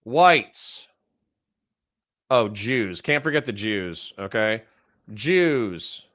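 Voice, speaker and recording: Slow-talking exasperated male reactor. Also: fairly low pitch, lively intonation, fairly bright tone. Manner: exasperated, sarcastic ranting; thinks aloud while typing lists. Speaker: reaction video host. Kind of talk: reaction commentary on a played clip.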